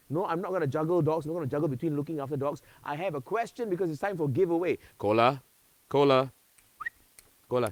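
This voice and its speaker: Hosting a live-streamed event, a man with a Singaporean accent keeps things chatty and playful, slipping into local slang and talking to dogs as he presents. His voice is fairly high-pitched with a darkish tone, and there's no echo.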